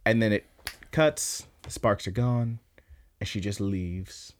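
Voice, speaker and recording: A man co-hosting a podcast, casually recapping an episode in a profane, animated way, acting out the characters' lines. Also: on the low side, slow pace. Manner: profane, animated retelling with quoted voices. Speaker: podcast co-host.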